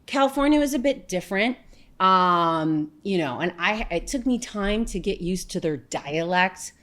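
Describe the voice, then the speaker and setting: A woman from New York, a comedian guest telling stories in a casual interview, animated and chatty with lots of fillers and asides. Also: mid-range voice, measured pace.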